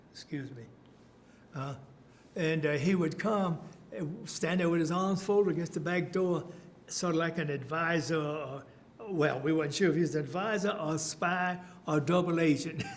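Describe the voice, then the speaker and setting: Older man, oral history interviewee, fairly high voice, rambling storytelling with chuckles, faint rumble behind. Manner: storytelling, chuckling, many fillers and restarts.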